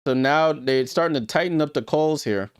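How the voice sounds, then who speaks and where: A man's voice: fairly high pitch, normal speed, smooth, no echo, clean studio sound. A man hosting a live watchalong stream, chatting with viewers and calling plays as they happen. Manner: chatty, talks straight to viewers, gets louder on big plays. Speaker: livestream watchalong host. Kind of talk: casual live game commentary.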